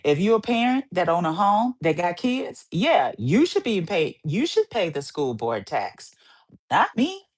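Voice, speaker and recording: Animated woman ranting on her podcast. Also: fairly low pitch, moderate pace, few pauses. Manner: animated, playful ranting with repeated phrases. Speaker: podcast host. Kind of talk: casual solo monologue.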